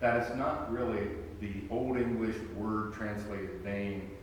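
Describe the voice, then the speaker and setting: Speaking slowly with fairly even intonation, a pastor with a lowish voice delivers a conversational sermon laced with wry humor and emphatic rhetorical questions. The setting is a church sanctuary, and the distant recording of the very echoey hall has a little hiss or hum.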